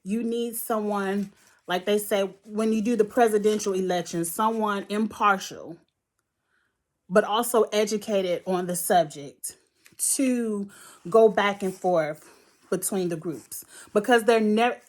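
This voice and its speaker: A woman's voice: mid-range voice, measured pace, a little mellow. A woman reviewing a reality show in a blunt, heated, profane rant. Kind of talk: ranting commentary vlog.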